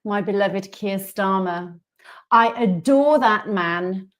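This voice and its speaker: A woman's voice: mid-range voice, slow. A woman co-hosting a casual chat show, talking bluntly and with lots of animation. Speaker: co-host.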